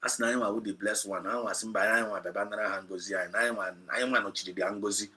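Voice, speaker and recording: A man with a Nigerian accent preaching a sermon, switching between Igbo and English and building to loud, emphatic peaks. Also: fairly low pitch, steady tone, racing. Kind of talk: sermon retelling a Bible story.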